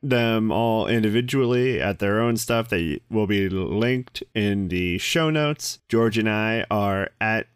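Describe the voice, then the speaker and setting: A man with a low, smooth voice reads podcast announcements at a slow pace. The sound is dry and close. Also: dry recording. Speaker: podcast host reading announcements. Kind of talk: scripted announcement read.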